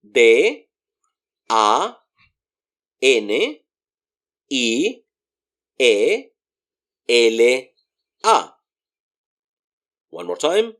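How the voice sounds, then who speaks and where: A man's voice: medium pitch, very animated, drawn-out words, pauses often, a bit bright. A man teaching a beginner Spanish lesson, spelling words out letter by letter and patiently explaining pronunciation with repeated examples.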